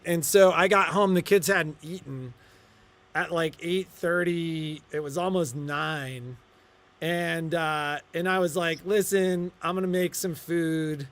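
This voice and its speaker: A middle-aged man co-hosting a shop livestream, telling stories in casual chat and acting out the dialogue. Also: a little high. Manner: animated storyteller, acts out quoted dialogue. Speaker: shop co-owner and livestream host.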